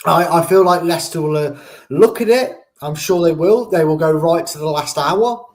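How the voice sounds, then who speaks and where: A man's voice: on the high side, normal speed. A man co-hosting a casual football chat, rambling with jokes and playful made-up euphemisms. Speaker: co-host and pundit. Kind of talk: casual discussion.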